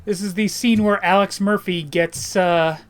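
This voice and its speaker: A woman's voice: mid-range voice, steady tone, measured pace. A woman streamer chatting casually and joking while playing a video game. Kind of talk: casual live-stream gameplay commentary.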